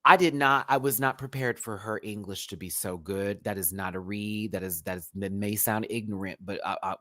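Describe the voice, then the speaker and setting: A young man giving live-stream commentary on a reality show, gushing and bursting into excited squeals. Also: on the low side, normal speed, few pauses, no room sound. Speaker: reality TV reviewer.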